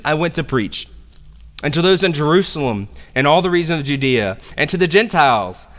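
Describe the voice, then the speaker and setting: A man preaches a sermon in a lively, conversational way, dropping into casual slang. His voice sits a little high for a man. The sound carries the long reverb of a church hall. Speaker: pastor. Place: church sanctuary.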